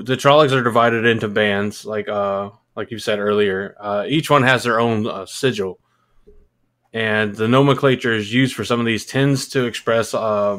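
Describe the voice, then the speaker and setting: A man's voice: lowish voice, a bit bright. A man co-hosting a podcast in casual chat, rambling and explaining with casual swearing. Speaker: podcast co-host.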